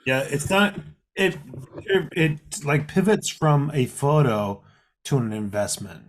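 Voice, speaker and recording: A man's voice: a little high, big pitch swings, takes it slowly, a little hiss or hum. A man co-hosting a casual podcast, swearing and joking enthusiastically. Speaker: podcast co-host. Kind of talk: casual chat.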